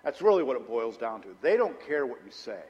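A middle-aged man preaching a sermon as pastor, telling personal stories conversationally and dropping low and intense for emphasis. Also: sing-song, a little fast, a little mellow, muffled recording. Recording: long hall reverb.

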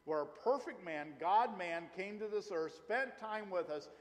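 A middle-aged male pastor preaching with a lively, swinging delivery that rises and falls. His voice sits a little high for a man. It rings with a long reverb, as in a church hall. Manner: animated preaching, rising and falling, slow emphatic phrases. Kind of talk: sermon.

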